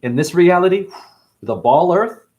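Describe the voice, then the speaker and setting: A man's voice: high voice, expressive, measured pace, a little mellow, highs cut off. A man hosting a casual livestream, reading viewer comments aloud and rambling in loose, slangy talk.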